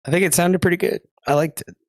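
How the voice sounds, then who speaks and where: A man's voice: high voice, steady tone, fast talker, no room sound, clean studio sound. Laid-back slangy male co-caster. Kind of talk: casual live game commentary.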